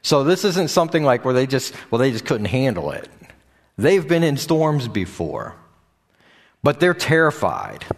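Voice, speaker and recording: A man delivering a sermon at a middle pitch. He talks off the cuff, stopping often on fillers and restarting phrases as he works through his point. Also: huge pitch swings, a little slow. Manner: unscripted, with frequent fillers and restarts. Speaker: preacher. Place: church or meeting room with a screen behind him.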